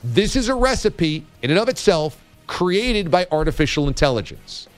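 A man's voice: a little high, big pitch swings, moderate pace, faint music behind. A man hosting a radio talk show, telling a story in a playful way. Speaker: podcast host. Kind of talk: casual radio chat.

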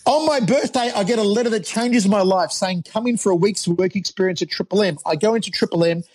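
An Australian man in his forties, a fight commentator, telling animated stories as a guest on a podcast. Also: high-pitched, fairly quick. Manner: animated storyteller, laughs often. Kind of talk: podcast interview storytelling.

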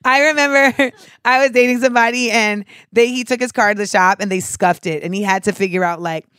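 A woman in her thirties hosting a casual comedic chat, animated and profane, slipping in and out of mocking voices. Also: a little high, brisk, clean tone, dry recording, studio quality.

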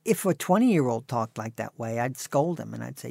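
A man's voice: mid-range voice, lively intonation, normal speed, vocal fry, a little mellow, no room sound. A man in his sixties telling stories as an interview guest in a dry, wry way. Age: 60s. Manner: dry, wry anecdotal delivery. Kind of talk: conversational storytelling.

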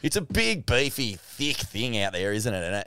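A man with an Australian accent, co-hosting a podcast in casual surf talk, rambling and swearing excitably. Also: mid-range voice, moderate pace, clear, resonant tone, dry recording. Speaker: podcast co-host.

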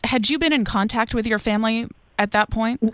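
A woman interviewer asking gentle, sympathetic questions. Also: a little high, fairly quick, clear, resonant tone, no echo.

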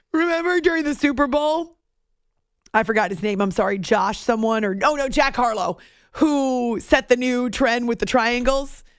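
A woman's voice: on the high side, unhurried, pauses often, no echo, studio quality. A woman hosting a morning radio show, chatting casually and self-deprecatingly, laughing often.

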